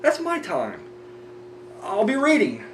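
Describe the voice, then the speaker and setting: Lively, rambling man hosting a horror show. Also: high-pitched, slow pace. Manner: rambling, profane, frequent restarts. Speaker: horror review show host. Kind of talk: casual ranting chat. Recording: roomy distant mic with faint hum.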